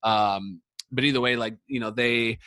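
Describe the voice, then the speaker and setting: A man's voice: medium pitch, fairly even intonation, normal speed, pushed and bright, no room sound, clean studio sound. A man telling a long story in a casual podcast chat, rambling and swearing, full of fillers and restarts. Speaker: podcast speaker, sports coach.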